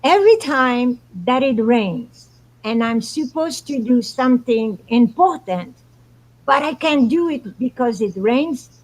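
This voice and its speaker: A woman's voice: fairly high pitch, animated, measured pace, a little mellow, poor audio. A woman guest on a talk show, telling spiritual stories in an earnest, meandering way. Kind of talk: casual storytelling chat.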